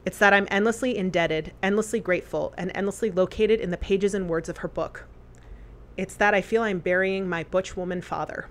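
Woman, earnest reading voice, measured phrasing, heartfelt memorial tribute, middle pitch. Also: fairly even intonation. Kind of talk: reading a memorial letter aloud.

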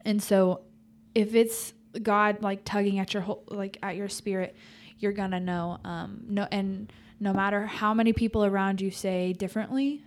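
A woman's voice: mid-range voice, fairly even intonation, normal speed, few pauses. Chatty young woman sharing her faith. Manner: chatty, self-deprecating, many fillers. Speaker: podcast co-host. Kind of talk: casual faith chat.

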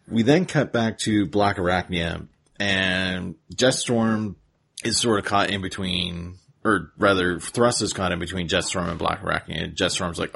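A man with a very deep, gravelly voice and a husky edge. He is a podcast host recapping a cartoon episode. He talks in a laid-back, rambling way. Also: a little slow, a bit bright.

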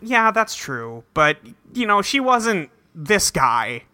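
Podcast host, male, bright and dry, animated recapper. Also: high-pitched, smooth, no room sound. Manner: animated storyteller who drops into quick voices for characters. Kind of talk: casual chat.

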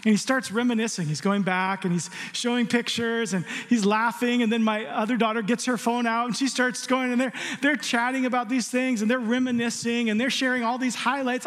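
A middle-aged pastor delivers a sermon in a strikingly high voice, telling stories with humor and firing off rhetorical questions. His words ring out with a long reverb from a church hall. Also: fairly quick, hardly any pauses. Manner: animated storyteller, jokes and rhetorical questions.

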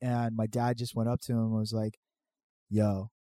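Foul-mouthed man with a mellow voice. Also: fairly low pitch, moderate pace, no echo, clean studio sound. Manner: profane, animated storytelling. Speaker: podcast guest telling a story. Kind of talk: casual chat.

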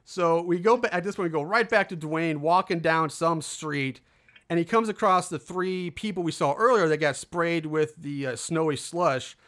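This man's voice is fairly high and a bit bright, moving at normal speed. As a podcast co-host, he rambles through a film recap, heavy on fillers and acting out the characters' quotes.

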